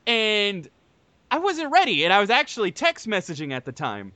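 An exasperated man rants through a profane comic story, his pitch swinging wildly. His voice is bright and edgy. The sound is dry and close. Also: quick pace, no echo. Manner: animated, exasperated, heavy swearing. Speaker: podcast co-host telling a story.

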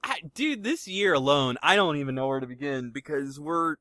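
A man's voice: fairly high pitch, expressive, normal speed, pushed and bright, no room sound, studio quality. A young man co-hosting a podcast in casual chat, swearing often and stammering through restarts with sarcastic humor. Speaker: podcast co-host.

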